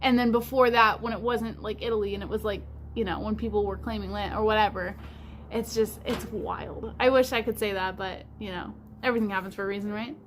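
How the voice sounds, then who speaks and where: A woman's voice: medium pitch, steady tone, a little fast, slight background noise. A woman hosting a livestream in casual chat, rambling along with lots of fillers like "like". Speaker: livestream host.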